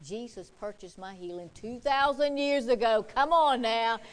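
A woman preacher acting out an older man rebuking the devil, loud and triumphant. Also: fairly low pitch, steady tone, brisk, close to an everyday voice. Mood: defiant.

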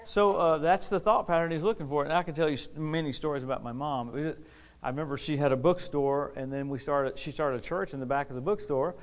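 A man preaching a lively sermon to a responding congregation, exuberant, laughing often and repeating key phrases for emphasis. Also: fairly high pitch, a little fast. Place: church service with a responding congregation.

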